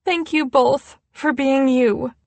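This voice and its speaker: Woman voicing a gentle tearful young woman, soft, emotional, storybook reading, dry sound. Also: sits high, fairly even intonation, slow pace, gravelly, dry recording, pitched above the performer's own voice, exaggerated voice.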